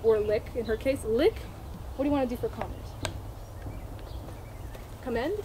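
Girl with a high voice goofing around with her horse, lots of giggles, noisy outdoor camera sound. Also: normal speed. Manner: playful, giggly, talks to her horse like a pet. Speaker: horse trainer vlogger. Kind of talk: casual vlog talk to her horse and viewers.

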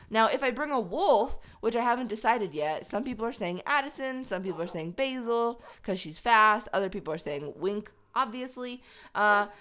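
A woman hosting a video game let's play, chatty and excitable, talking to her pets as she plays. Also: mid-range voice.

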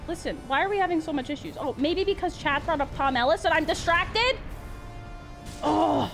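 A woman's voice: sits high, animated, normal speed, creaky, music in the background. A young woman streaming a video game, playfully exclaiming at the action and chatting with her viewers. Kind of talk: live gameplay commentary.

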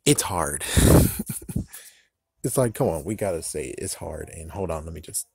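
A young man casually vlogging as a fan channel host, rambling excitably with swearing and frustrated outbursts. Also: low-pitched, moderate pace, vocal fry, slightly rough. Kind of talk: casual ranting vlog.

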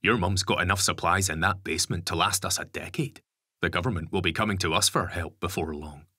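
A man voicing a gruff ex-con dad. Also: low voice, a little fast, sharp tone, no room sound, studio quality, heavily acted. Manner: gruff, swears casually. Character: weary ex-convict father, blunt and sardonic. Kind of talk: audiobook character voice.

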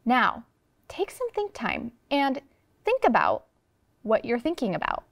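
Woman teacher, animated read-aloud, fairly high pitch, dry close sound. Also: unhurried, dry recording. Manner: expressive storybook reading with voices. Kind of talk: classroom read-aloud lesson. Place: studio classroom.

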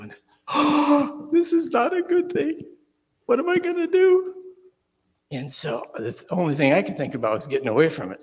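A man preacher telling a children's story during a church service, animated and dropping to hushed suspense. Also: medium pitch. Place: church sanctuary. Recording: reverberant church hall.

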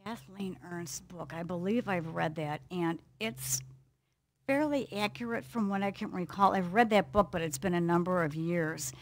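An older woman, an author and lecturer, answering audience questions in a chatty, animated way. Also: fairly low pitch, normal speed. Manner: chatty, animated, laughs between points. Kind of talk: casual Q&A talk.

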